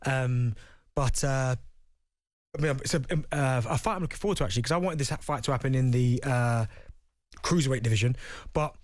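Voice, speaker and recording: A man's voice: mid-range voice, brisk, long pauses, no echo. A man co-hosting a sports radio show with a British accent, rambling and playful with many hesitations. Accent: British English. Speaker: radio co-host and boxing pundit. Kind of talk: live sports radio chat.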